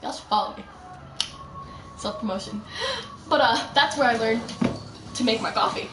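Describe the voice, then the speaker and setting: A young woman rambling through casual commentary while she plays a game, chatty and full of quick asides. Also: fairly high pitch, far from the mic. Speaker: gaming streamer. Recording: roomy echo, voice set back from mic, faint music.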